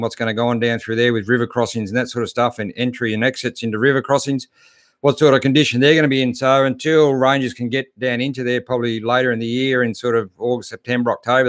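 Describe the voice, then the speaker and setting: A middle-aged Australian man hosts a live-stream chat in a laid-back, chatty manner, greeting viewers and answering their questions with plenty of fillers. His mid-range voice is a bit bright, and the clean studio sound has no echo.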